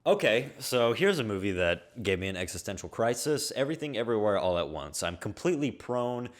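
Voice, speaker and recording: A young man in a casual movie review vlog, talking excitably and swearing freely as he gushes. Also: fairly low pitch, a little fast, faint music behind. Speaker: movie vlogger.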